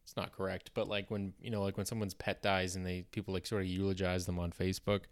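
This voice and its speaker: This young Canadian man's voice sits low, with little pitch movement, and he talks at a quick pace in a clear, resonant tone with no room sound. Speaking with a Canadian accent, he hosts a comedy podcast, rambling through old notes with lots of fillers, restarts and self-deprecating asides.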